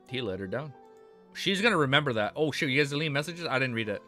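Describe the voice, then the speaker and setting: A man streaming live, reading a novel aloud and breaking off to react excitedly, swearing and laughing with his chat. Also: medium pitch, fast talker. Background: faint background music.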